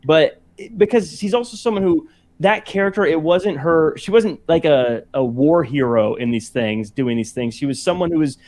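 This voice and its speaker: A man co-hosting a casual debate show, thoughtful and halting, restarting sentences as he works out a point. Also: a little high, a little mellow.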